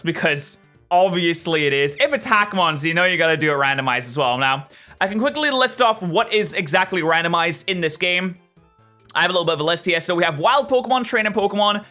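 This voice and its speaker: A young man hosting a let's play, chatting through the game with excitable, jokey remarks. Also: sits high, fairly quick, faint music behind. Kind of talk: gameplay commentary.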